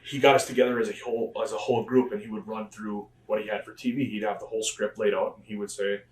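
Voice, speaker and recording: A man's voice: lowish voice, little pitch movement, fast. A man being interviewed, telling stories in a loose, rambling way with plenty of fillers. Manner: rambling, filler-heavy retelling of past conversations. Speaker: interview guest, professional wrestler. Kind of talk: conversational storytelling interview. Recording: echoey room, mic at a distance.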